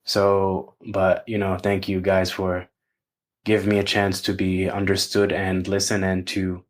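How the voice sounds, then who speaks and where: A low, flat-voiced man talks haltingly and swears casually. He sounds emotional and close to tears, as if fighting to get each word out. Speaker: coach. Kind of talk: casual group conversation.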